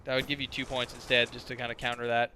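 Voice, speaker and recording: A man's voice: medium pitch, level tone, fast, bright, forceful tone, a little hiss or hum. A man in his twenties telling crude, rambling stories as casual gameplay commentary, full of filler words. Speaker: gaming commentator.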